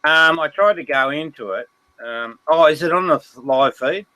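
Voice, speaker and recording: A man's voice: fairly high pitch, moderate pace, sharp tone, rough recording. A man hosting a casual livestream chat, laughing often, swearing freely and speaking emphatically. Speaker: livestream host.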